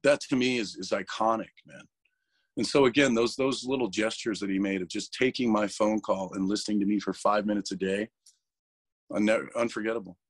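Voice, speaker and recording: Low-voiced man, candid and emotional. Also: steady tone, brisk, slightly rough, dry recording. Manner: emotional, swearing, restarts words. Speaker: interview guest, metal vocalist. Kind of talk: candid casual interview.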